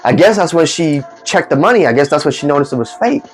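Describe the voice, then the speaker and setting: A man telling a comic story in animated, slangy speech and acting out the people in it. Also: a little high, quick pace, faint music behind. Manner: animated, slangy, acts out the voices. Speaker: vlogger.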